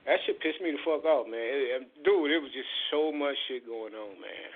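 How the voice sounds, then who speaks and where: A man's voice: medium pitch, animated, normal speed, hardly any pauses. A man, hosting a radio show and telling a heated, profane story in casual chat. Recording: tinny phone-like radio audio.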